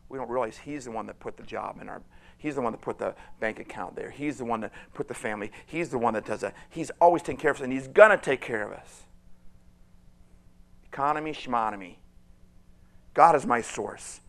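A man preaching a sermon with fervent delivery, swinging from loud bursts to hushed whispers. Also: mid-range voice, fast, gravelly.

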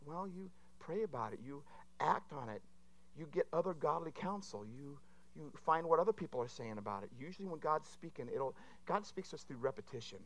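A man preaching a sermon in an animated, conversational way, often checking in with his listeners. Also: mid-range voice. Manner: animated and conversational, with frequent asides to the audience.

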